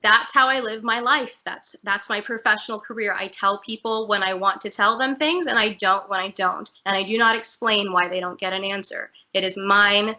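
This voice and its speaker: A woman's voice: mid-range voice, moderate pace, few pauses, sharp tone. A woman guest on a video-call interview, telling a personal story in a candid, earnest way. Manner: earnest, candid, emotional at times.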